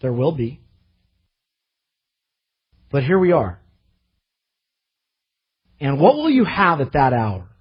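A pastor preaching a sermon in an earnest way, rising to impassioned readings of scripture. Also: male voice, medium pitch, wildly swooping pitch, slow, long pauses, slightly rough, lo-fi sound.

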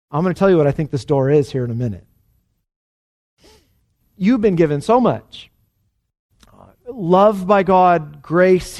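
A man's voice: fairly high pitch, a little mellow. A man preaching a sermon as a pastor, asking the congregation rhetorical questions and voicing quotes with emphatic shifts.

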